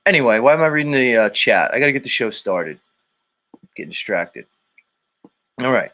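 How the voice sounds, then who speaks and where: A man hosts a loose, casual livestream, drifting off topic as he reads out comments from his chat. He rambles and jokes, and he swears freely. His voice sits at an ordinary middle pitch. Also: expressive, moderate pace, pauses often, fairly bright tone. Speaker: livestream show host.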